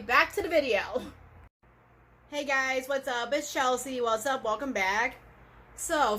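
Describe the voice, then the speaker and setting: A woman vlogging in a casual, rambling way, piling on fillers as she talks to her camera. Her voice sits high and light. It sounds like an ordinary home video recorded on the camera's own mic. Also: fairly bright tone. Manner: chatty and rambling, full of fillers. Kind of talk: casual vlog monologue.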